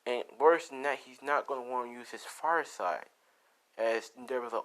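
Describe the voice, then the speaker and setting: A man's voice: medium pitch, moderate pace, fairly bright tone. A man spins a fan story off the cuff, rambling and restarting with plenty of filler. His talk is loose and casual, with crude asides. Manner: rambling, profane, lots of "you know" and restarts.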